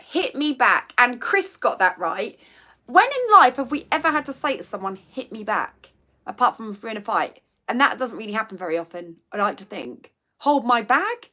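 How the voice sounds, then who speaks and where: A woman in her thirties hosts a relaxed live quiz, chatting with viewers and reading out their comments. Her voice sits a little high and swings lively up and down. She laughs easily between answers. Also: moderate pace. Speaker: livestream host. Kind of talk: casual live chat quiz.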